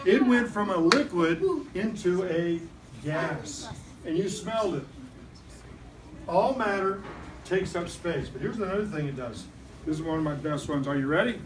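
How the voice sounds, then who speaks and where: A man's voice: sits high, normal speed. Guy doing a fun science lesson for little kids, mic kinda far off, noisy classroom around him. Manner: playful, animated, coaxing call-and-response. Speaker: science teacher visiting a first grade class. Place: school classroom.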